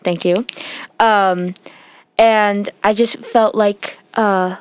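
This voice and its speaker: A woman's voice: mid-range voice, steady tone, extremely slow, clean tone. A teenage girl sharing an emotional personal story, talking with lots of fillers and sometimes close to tears. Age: teens. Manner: heartfelt, tearful at times, many fillers.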